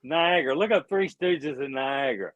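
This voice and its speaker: A man's voice: mid-range voice, moderate pace, fairly bright tone, dry recording, lo-fi sound. Blunt man, asks questions, swears a lot, dead dry sound. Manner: questioning, opinionated, profane. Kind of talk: casual profane banter.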